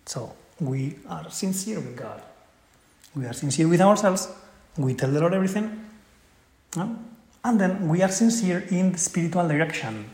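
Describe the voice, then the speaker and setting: A man's voice: on the high side, moderate pace, pauses often, darkish tone. Earnest man giving a spiritual talk in an echoey room. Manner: earnest, tags points with "right?". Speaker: spiritual speaker.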